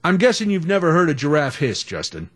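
Animated chatty male radio host. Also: on the high side, brisk. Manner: animated, chatty, self-deprecating storyteller. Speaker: radio talk show host. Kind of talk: casual storytelling.

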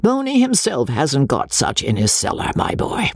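A man voicing a jovial, teasing older gentleman who mocks his son, in a breathy, lifted voice. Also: medium pitch, huge pitch swings, normal speed, no room sound, studio quality, voice pushed up, heavily acted. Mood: wry. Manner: mocking, bantering.

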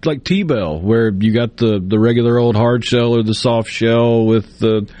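A man from Mississippi, co-hosting a radio talk show in a relaxed, wry way. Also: medium pitch, measured pace, no room sound.

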